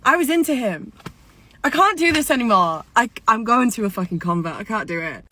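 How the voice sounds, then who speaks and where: A woman's voice: on the high side, animated, a little fast, sharp tone, a little hiss or hum. Exasperated woman telling a dating story. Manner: exasperated, sarcastic. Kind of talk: storytime video.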